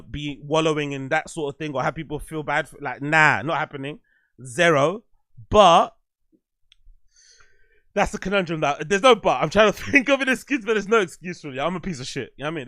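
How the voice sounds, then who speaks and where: A man's voice: on the high side, fairly bright tone, no echo, clean studio sound. A man hosting a casual livestream chat, rambling, swearing and running himself down. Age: adult, "you get older". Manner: swearing, rambling, self-deprecating. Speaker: podcast host.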